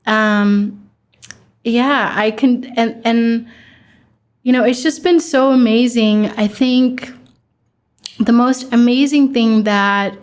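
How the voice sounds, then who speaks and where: A woman's voice: on the high side, takes it slowly, long pauses. A young woman from Pakistan, a guest in an interview, telling a personal story in a reflective way and quoting her own thoughts.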